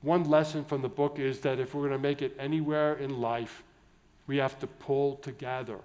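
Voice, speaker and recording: A man's voice: medium pitch, steady tone, moderate pace, darkish tone. A man, a Catholic priest from the United States, giving a jovial, digressive conference keynote full of restarts and asides. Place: large indoor conference hall.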